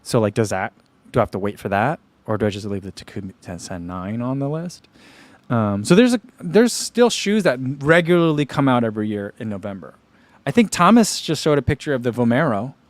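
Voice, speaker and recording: A man's voice: medium pitch, animated, brisk, no echo. A man hosting a running channel, chatting casually on a livestream and answering viewer comments, rambling with lots of "like" and "you know.".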